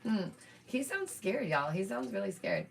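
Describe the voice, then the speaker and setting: A woman's voice: medium pitch, very animated, measured pace, gravelly. A woman hosting a casual live stream from home, chatting to her viewers as "y'all" with lots of asides and small laughs. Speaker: streamer and channel host.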